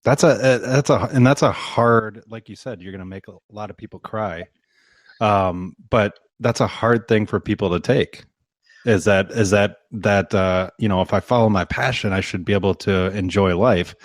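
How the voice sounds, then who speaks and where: A man hosting a podcast, with a fairly low voice, reacting in casual chat. He stops and restarts as he hunts for the right words. The recording is dry, with no room sound. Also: no room sound. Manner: halting, searching for words. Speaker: podcast host.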